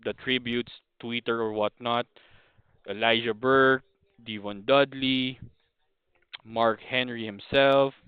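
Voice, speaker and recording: Speaking slowly with long pauses, a Filipino-accented man in his thirties hosts a rambling, casual opinion podcast full of restarts and apologies. His mid-range voice is steady and clean with no room sound, though the recording sounds thin and phone-like.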